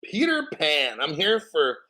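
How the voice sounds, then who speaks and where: A man hosting a casual crypto livestream, reading chat aloud and rambling, swearing casually and often clearing his throat. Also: a little high, wildly swooping pitch, unhurried, sharp tone, a little hiss or hum.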